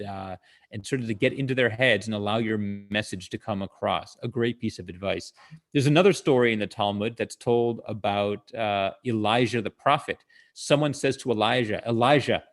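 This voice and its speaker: A male comedian telling jokes and stories in a chatty way over a video call, often pausing to explain the punchline and using plenty of "uh" fillers. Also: on the low side. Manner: acts out characters' lines in quoted voices. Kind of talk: comic storytelling talk.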